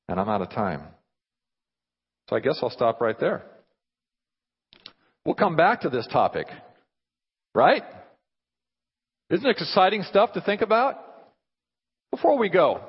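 A man preaching a sermon in an animated way, often throwing rhetorical questions at his listeners. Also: medium pitch, a little slow, long pauses, husky. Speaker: pastor. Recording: dull sound with long hall reverb.

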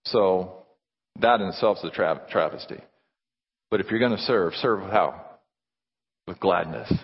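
A man preaching a sermon as pastor, acting out little dialogues in an animated way. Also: medium pitch, slightly rough, in a large hall, muffled recording.

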